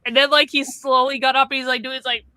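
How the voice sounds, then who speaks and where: A woman's voice: sits high, little pitch movement, fast talker, pushed and bright, no echo. A woman hosting a podcast in casual chat, chatty and swearing freely. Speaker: podcast host.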